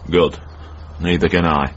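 An actor playing a cantankerous older northern man in a radio comedy drama, blunt and gruff with a Northern English accent. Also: very deep voice, fairly even intonation, unhurried, exaggerated voice. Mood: grumbling. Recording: dull old radio broadcast.

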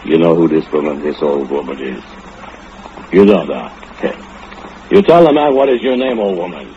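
An actor playing a drunken, murderous foundry laborer who speaks in broken English and gloats with low chuckles, in an old-time radio drama. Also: male voice, expressive, normal speed, dark tone, slight background noise. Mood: gloating. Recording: muffled old radio recording with music.

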